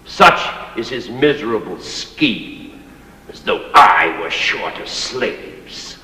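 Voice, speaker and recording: An actor playing a pompous, cruel old master who holds forth theatrically in a declamatory manner. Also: male voice, fairly low pitch, sing-song, takes it slowly, sharp tone, heavily acted. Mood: scornful. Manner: grandiose, mocking, declamatory. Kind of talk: stage play performance. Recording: echoey hall with long reverb.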